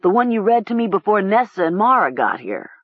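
A woman's voice: mid-range voice, sing-song, fairly quick, breathy edge, no echo, dull audio. A woman voicing a sly, pushy teenage boy who sounds insistent.

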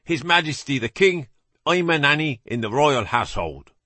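A male narrator gives voice to a rough-spoken working man who blusters and pleads. The voice sits well above the narrator's own and swings widely. It has a husky edge and no room around it. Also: fairly high pitch, expressive, normal speed, bright, forceful tone, no room sound, pitched above the performer's own voice. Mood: defiant, pleading. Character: rough bearded London working man, defiant.

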